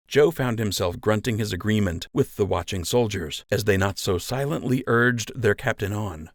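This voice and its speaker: A man narrating an audiobook in a steady, measured way on a close mic. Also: lowish voice, no echo.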